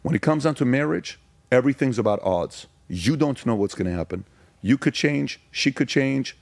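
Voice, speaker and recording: A man in his forties from Iran, a podcast guest telling personal stories in an intense, emphatic way with rapid repeated phrases. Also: medium pitch, animated, gravelly, a little mellow, no room sound. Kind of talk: candid personal storytelling.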